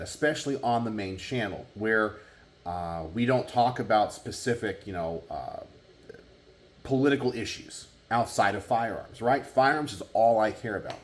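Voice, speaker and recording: A man hosting his own channel, talking earnestly to the camera and often checking in with "right?" and "okay?". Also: fairly low pitch. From Texas. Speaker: gun channel host. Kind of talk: casual talk to camera.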